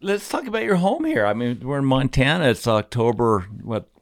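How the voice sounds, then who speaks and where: A man hosting a casual interview, prompting his guest with relaxed questions and friendly banter. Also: medium pitch, normal speed.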